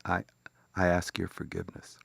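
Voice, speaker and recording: An older man from Chicago telling a personal story about a lifelong friend, reflective and halting, with a gravelly voice. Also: low voice, monotone, no echo.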